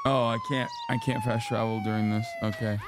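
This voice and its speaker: A man streaming a game, giving casual commentary in a profane, excitable way. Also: lowish voice, brisk, heavy background noise.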